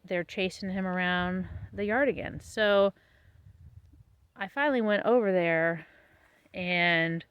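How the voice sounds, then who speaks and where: A woman vlogging casually about her homestead, tired after planting, chatty and laughing often, her voice trailing off softly. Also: on the low side, dry recording, lo-fi sound. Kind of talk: casual vlog talk to camera. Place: outdoors on a small homestead.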